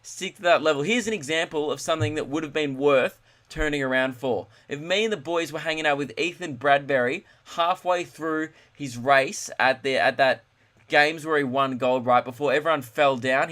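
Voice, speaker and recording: A young Australian man, a comedian rambling through a solo podcast monologue, ranting and dropping into quick mock voices. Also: a little high, a bit bright.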